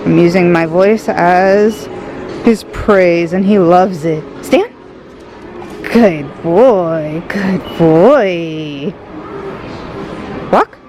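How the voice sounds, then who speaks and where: A woman's voice: lowish voice, very slow, music in the background, low-quality recording. A woman vlogging casually, chatting to the camera and giving her dog short commands and cheerful praise. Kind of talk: casual vlog chat. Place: store, then at home in bed.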